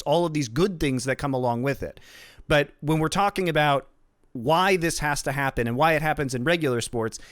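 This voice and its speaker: A man with a slightly higher voice hosts an esports talk show, arguing his points emphatically and swearing freely. The sound is dry and close, with no room around him. He winds up into long, forceful explanations. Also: dry recording. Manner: emphatic, profane, launches into rants. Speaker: podcast host. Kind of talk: esports discussion.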